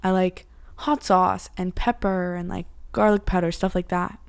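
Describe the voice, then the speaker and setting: A woman's voice: fairly low pitch, little pitch movement, moderate pace, vocal fry, clean tone, no room sound. Young woman chatting w her mom, says like constantly, playful and teasing. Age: young adult. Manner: chatty, uses 'like' a lot, playful. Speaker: co-host, daughter. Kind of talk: casual chat.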